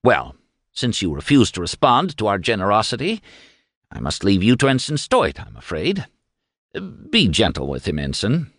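A man's voice: fairly low pitch, wildly swooping pitch, normal speed, a bit bright, breathy edge, no echo, clean studio sound, full character voice. A man voicing a courtly male prison-camp captain who coaxes politely with false kindness. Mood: testy. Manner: polite, coaxing, falsely kind.

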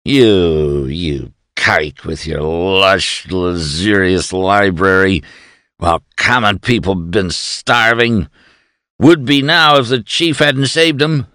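A man voicing a drunken male official who jeers and shouts insults in a high, slow, slurring voice. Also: no room sound, studio quality, full character voice. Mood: shrieking. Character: drunken bullying male official, loud and sneering.

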